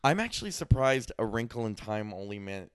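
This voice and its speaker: A man in his twenties co-hosting a casual chat about movies, talking in quick bursts and often cutting himself off mid-sentence. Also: on the low side, big pitch swings, clean tone, dry recording, studio quality. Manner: chatty, self-interrupting, quick to laugh. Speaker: podcast co-host.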